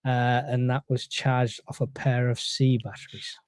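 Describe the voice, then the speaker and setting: A man's voice: mid-range voice, flat delivery, unhurried, clear, resonant tone, dry recording, clean studio sound. A man co-hosting a casual live stream and reading out the chat, joking and hesitant, with many fillers.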